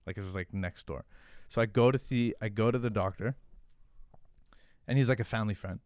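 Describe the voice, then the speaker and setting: Man, podcast guest, lowish voice, casual swearing storyteller, filler-heavy, close dry sound. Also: brisk, dry recording. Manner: animated, profane, filler-heavy, "like" every few words.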